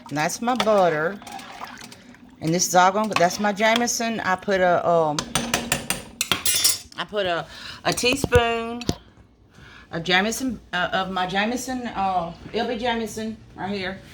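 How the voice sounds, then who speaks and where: A woman of medium pitch cooks in a restaurant kitchen and talks to viewers, calling them y'all, speaking a little slowly and pausing often. The homey, chatty cooking video was filmed on a phone and has background noise.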